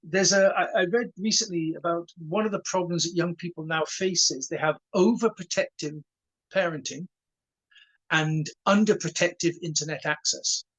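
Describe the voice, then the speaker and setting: A man in his sixties, a karate instructor telling stories in an interview, animated and stumbling over repeated words as he acts out conversations. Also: a little high, normal speed, low-quality recording. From Wales. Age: 60s. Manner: animated storyteller who stutters on repeated words and acts out dialogue. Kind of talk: casual storytelling interview.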